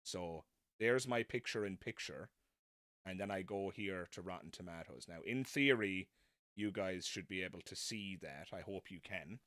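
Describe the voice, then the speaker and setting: Here a non-American man hosts a live stream, talking in a relaxed, self-mocking way and veering off on tangents. His low voice moves at a normal speed with a fairly bright tone, in studio-quality audio with no echo.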